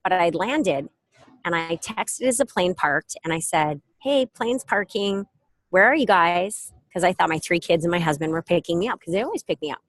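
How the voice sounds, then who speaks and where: A middle-aged woman giving a casual motivational talk, telling stories with lively acted quotes, speaking from an airport. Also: lowish voice, a little fast, dry recording. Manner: animated storytelling with acted quotes. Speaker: self-help speaker.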